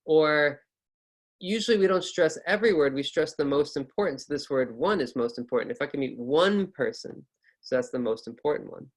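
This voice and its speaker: A man's voice: a little high, brisk. A man teaching English intonation in an online lesson. He reads example sentences aloud with exaggerated rising and falling tones, then explains them casually.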